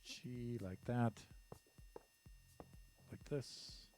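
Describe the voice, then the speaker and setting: A man's voice: medium pitch, extremely slow, mellow, faint music behind. A man streaming a building game, counting blocks aloud and talking to himself as he works. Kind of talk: casual commentary while building in a game.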